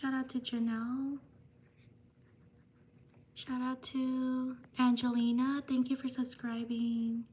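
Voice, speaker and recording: A woman hosting a live stream, slowly reading out viewers' names with thanks, at times slipping into a soft whisper. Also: high-pitched, level tone, slight background noise. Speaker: livestream host. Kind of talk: live stream shout-outs.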